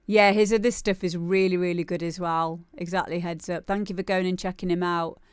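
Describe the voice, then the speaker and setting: A woman's voice: on the low side, steady tone, brisk, clear, resonant tone, no room sound. A woman hosting a live music demo show, chatting casually and laughing often. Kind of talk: casual live-stream chat.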